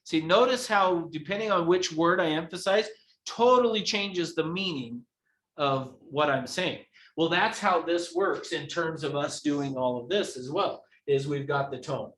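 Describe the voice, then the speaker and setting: A man's voice: on the high side, measured pace, fairly bright tone. A man teaching a live real estate training class who acts out examples as he explains them. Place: training room. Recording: echoey room.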